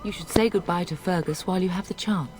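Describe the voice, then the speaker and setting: A woman's voice: fairly low pitch, fast, background noise, lightly acted. An actress playing a proud, caring noble mother in a video game, speaking formally and firmly. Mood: earnest. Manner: dignified, formal speech. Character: proud noble mother, middle-aged, caring but firm.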